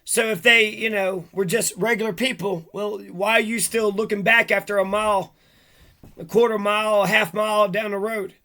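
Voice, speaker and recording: A man's voice: high voice, fairly even intonation, moderate pace, bright, forceful tone. A man talking alone to his audience in an agitated, rambling, heavily profane rant. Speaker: vlogger. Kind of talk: monologue to camera.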